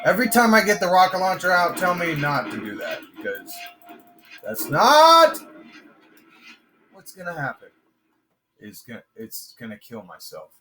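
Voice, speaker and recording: A man's voice: a little high, expressive, brisk, pushed and bright, faint music behind. A man casually commenting on his own gameplay for viewers, trash-talking the enemies in a loose, joking way. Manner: addresses viewers directly.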